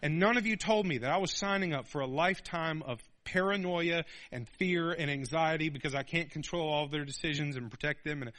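A man in his thirties preaching a sermon, animated, calling out for amens and acting out little voices. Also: on the high side, fairly quick, few pauses. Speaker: pastor.

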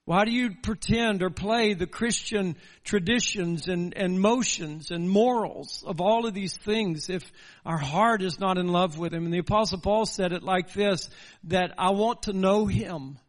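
A man's voice: high-pitched, a little slow, in a large hall. A man preaching a sermon in a church, earnest and building through repeated rhetorical questions. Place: church sanctuary.

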